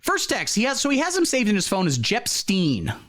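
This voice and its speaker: A man hosts a satirical comedy show, reacting in a deadpan, mock-earnest tone while playing naive. His voice sits a little high, and his pitch moves around a lot. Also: brisk. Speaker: comedy host. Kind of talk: satirical mock-serious commentary.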